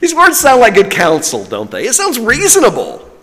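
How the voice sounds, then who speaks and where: A man, a pastor preaching a sermon with lively, wry humor. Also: very high voice, moderate pace. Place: church sanctuary. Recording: long reverb of a church sanctuary.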